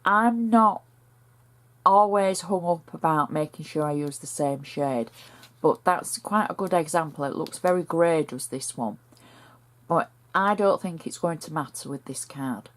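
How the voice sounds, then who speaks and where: Slow, low-voiced northern English woman crafter. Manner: chatty, homely, talks through each step. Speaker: crafter demonstrating a card project. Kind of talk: step-by-step craft tutorial.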